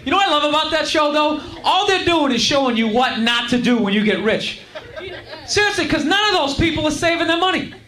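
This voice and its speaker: A man's voice: very high voice, animated, brisk, pushed and bright. A man in his thirties doing stand-up comedy, self-mocking and exasperated. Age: 30s. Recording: echoey club with crowd laughter and noise.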